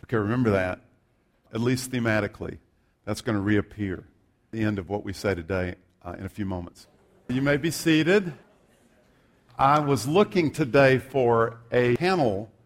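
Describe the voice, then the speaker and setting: Joking pastor preaching a sermon. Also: male voice, medium pitch, animated, normal speed. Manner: humorous, self-deprecating asides. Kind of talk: sermon with scripture reading.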